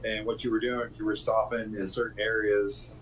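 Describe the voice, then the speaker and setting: A man in casual chat, speaking in a calm, plain-spoken way. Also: fairly low pitch, moderate pace, poor audio.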